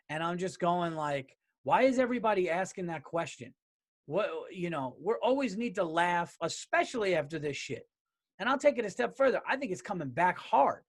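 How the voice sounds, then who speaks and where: A man hosts his own podcast alone and talks straight into it. He rants in a blunt, profane, fired-up way. His speaking voice sits a little high for a man. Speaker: podcast host. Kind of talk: solo podcast rant.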